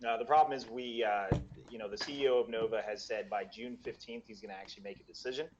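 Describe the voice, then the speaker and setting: A man's voice: on the low side, steady tone, quick pace, lo-fi sound, over music. An American man chatting as a guest about the event he organizes, with many fillers and restarts. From United States. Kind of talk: casual chat. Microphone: video call.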